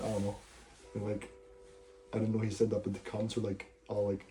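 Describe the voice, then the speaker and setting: A man's voice: fairly low pitch, completely flat delivery, normal speed, long pauses, slight background noise. A young man freestyle rapping and rambling over guitar, loose and crude, laughing often. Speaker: musician streamer. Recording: loud guitar under the voice.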